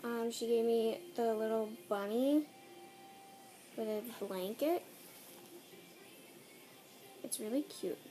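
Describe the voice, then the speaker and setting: A woman's voice: a little high, steady tone, slow pace, long pauses, warm tone, faint music behind. A teenage girl vlogger chatting casually through an unboxing, bubbly and gushing, giggling often. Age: teens.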